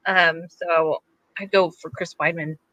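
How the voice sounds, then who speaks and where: A woman's voice: on the low side, steady tone, unhurried, pushed and bright, dry recording. A woman co-hosting a podcast, chatting casually about fights, hedging a lot and using plenty of fillers. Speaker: podcast co-host. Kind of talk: casual sports chat.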